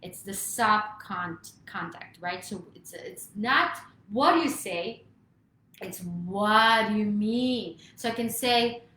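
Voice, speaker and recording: Female vocal coach, emphatic motivational delivery, mid-pitched, echoey room with faint hiss. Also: lively intonation, slow pace, bright, forceful tone. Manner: emphatic, often checks in with "right?". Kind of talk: motivational coaching talk to camera.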